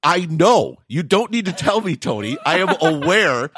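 A man with a Wisconsin accent, chatting casually as a podcast co-host, animated and full of quick restarts. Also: on the high side, slightly rough, no echo. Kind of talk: casual tech podcast chat.

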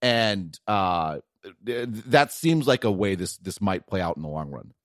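A middle-aged man from Wisconsin with a Wisconsin accent, co-hosting a tech podcast in animated casual chat, full of restarts and quick "right?" checks. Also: low-pitched, no room sound, clean studio sound. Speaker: podcast co-host, tech analyst.

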